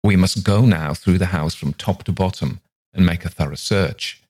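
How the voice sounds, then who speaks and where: A man's voice: low voice, normal speed, a little mellow, breathy edge. A man reading the lines of a stern nephew in a haunted house, in a severe tone.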